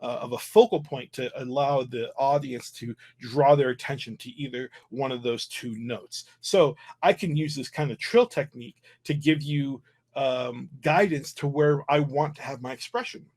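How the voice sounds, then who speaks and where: A man explaining flute technique in a relaxed livestream lesson, often restarting and filling pauses. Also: mid-range voice. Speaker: flute teacher.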